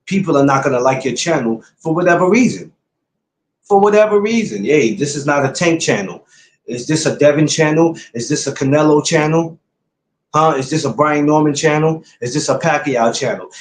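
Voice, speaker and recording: A man's voice: on the high side, a little fast, echoey room, slight background noise. A man hosting his podcast, talking casually and bluntly to his viewers, repeating his points like a lecture. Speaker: podcast host. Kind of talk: casual livestream talk to viewers.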